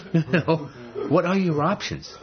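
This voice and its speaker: A man's voice: on the high side, slow, lo-fi sound, crowd noise. A man teaching from the Bible in a conversational sermon, emphatic and full of rhetorical questions. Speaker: preacher.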